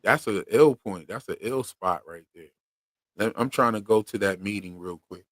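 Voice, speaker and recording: Co-hosting a slangy, relaxed livestream, this Philadelphia-accented man from Pennsylvania reads out viewer comments at normal speed. His voice is lowish with a fairly bright tone, and there's no echo.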